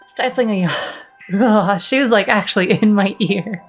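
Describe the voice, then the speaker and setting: A woman streamer reading a visual novel aloud, breaking off into giggly, flustered asides and playful reactions. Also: medium pitch.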